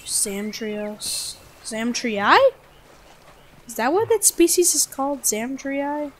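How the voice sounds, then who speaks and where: A young woman giving casual, jokey gameplay commentary; she talks to herself and bursts into loud outbursts. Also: a little high, very animated, a little slow, a little hiss or hum. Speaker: gaming streamer. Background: game music.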